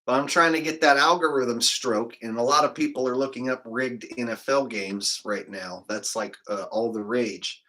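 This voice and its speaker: A man's voice: medium pitch, normal speed, hardly any pauses, pushed and bright. A man hosting a casual livestream, rambling loosely and dropping "man" and "like" as he talks. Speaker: livestream host.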